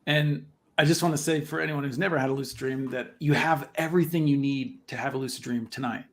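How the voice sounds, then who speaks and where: A man's voice: mid-range voice, fairly even intonation, fast. A man, a guest on a livestream talk show, explaining a point in an earnest way. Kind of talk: casual livestream chat.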